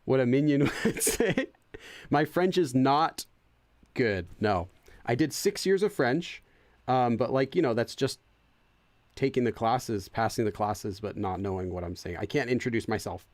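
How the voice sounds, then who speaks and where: A chatty young man gives casual let's-play commentary at a middle pitch, laughing often and poking fun at himself while he translates game text aloud. The recording is close and dry, with no room sound. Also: lively intonation, measured pace, no echo. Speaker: gaming channel host.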